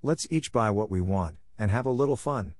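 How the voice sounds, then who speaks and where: A man's voice: lowish voice, expressive, normal speed, darkish tone, no echo, natural voice. A man reading the lines of a blunt, spirited tomboyish teenage girl in an audiobook.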